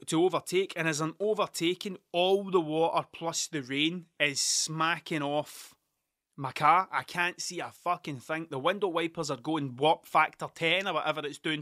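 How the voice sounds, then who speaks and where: This man's voice sits on the high side with fairly even intonation, a normal speed and a sharp edge, captured in studio quality with no room sound. He's a Scottish vlogger in his thirties whose storytelling is loose and rambling, full of swearing, digressions and self-interruptions.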